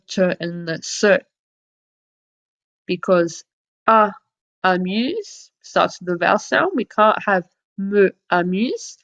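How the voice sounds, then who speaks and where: Patient woman teacher, gravelly lo-fi voice. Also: mid-range voice. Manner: clear, patient explaining with French examples. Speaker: French teacher. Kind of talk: classroom lesson over slides. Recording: dull lo-fi audio.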